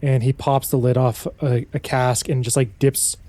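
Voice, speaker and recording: Relaxed man narrating as game master. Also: mid-range voice, normal speed. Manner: casual, loose narration. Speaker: dungeon master.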